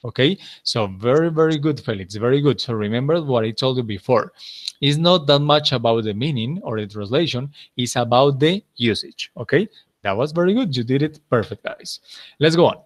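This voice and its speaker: A man's voice: medium pitch, animated, normal speed. A man teaching an English class, patiently repeating answers and praising his students.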